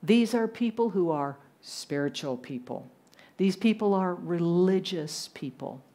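A woman with a softened Southern American accent preaching a sermon to a congregation, animated and asking them questions. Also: lowish voice, a little slow. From Southern United States. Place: church congregation abroad.

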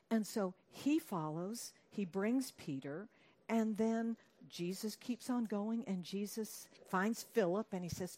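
A woman's voice: mid-range voice, animated, normal speed, darkish tone. A woman preaching a conversational sermon, asking her listeners questions and acting out quoted lines in a raised voice.

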